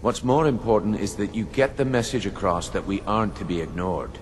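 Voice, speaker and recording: A man voices a scheming thieves' guild boss in a fantasy video game, persuasive and businesslike. His voice is very low, and the game audio carries a long reverb tail with a faint hiss behind it. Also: lively intonation, fairly quick, natural voice. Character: smooth-talking male thieves' guild boss. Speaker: game character.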